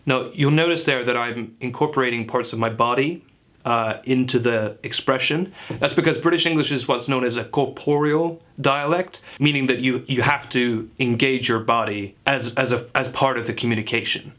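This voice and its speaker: Man as a smug male dialect coach in a comedy sketch: bright, forceful tone and earnest lecturing. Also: medium pitch, normal speed, lightly acted. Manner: earnest, confident pseudo-expert lecturing. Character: self-assured clueless male dialect coach. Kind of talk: parody tutorial sketch.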